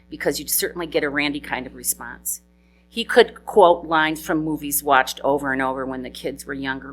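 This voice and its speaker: A middle-aged woman with a notably low voice delivers a eulogy for her husband at a memorial service. She tells fond, humorous stories about him and laughs through tears now and then. A faint hum runs underneath the recording. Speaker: widow giving a eulogy.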